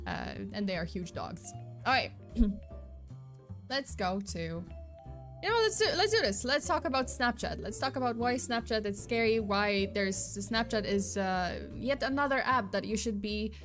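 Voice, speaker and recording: A woman's voice: mid-range voice, measured pace, fairly bright tone, faint music behind. A woman hosting a stream, chatting casually in a giggly, rambling way and then reading a scripted story. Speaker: vtuber streamer host. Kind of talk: casual chat and scripted narration.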